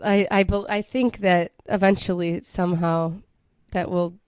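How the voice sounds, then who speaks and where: A woman's voice: fairly low pitch, fairly even intonation, measured pace, darkish tone, clear, resonant tone, no room sound. A woman co-hosting a podcast in casual chat, rambling and trailing off mid-thought. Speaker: podcast co-host.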